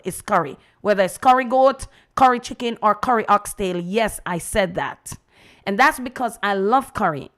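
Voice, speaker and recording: A Jamaican woman hosting a radio program, telling a story in a chatty, animated way and acting out the voices of the people she quotes. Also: mid-range voice. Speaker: radio host. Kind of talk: casual storytelling monologue.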